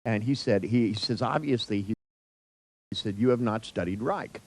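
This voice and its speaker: A man's voice: fairly low pitch, moderate pace, no room sound, low-quality recording. An older man telling a rambling personal anecdote in a wry, profane way, with many restarts and asides.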